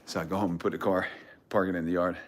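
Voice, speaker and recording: A middle-aged vlogger hosting a giveaway livestream tells a profane, swaggering story outdoors in a yard, holding his phone at arm's length and laughing between lines. His voice is low and flat, he talks fast, and there's a little hiss or hum.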